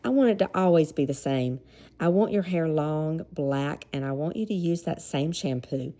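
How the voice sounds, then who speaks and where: A woman with a Southern American accent reading the lines of a tender, possessive male singer in a soft, insistent, pleading way. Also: deep voice, normal speed, close to an everyday voice.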